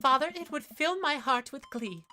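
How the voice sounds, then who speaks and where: A woman's voice: sits high, lively intonation, normal speed, pushed and bright, faint music behind, voice pushed up. A woman voicing a cheerful, playful teenage daughter in a game, in a theatrical sing-song manner. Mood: gleeful.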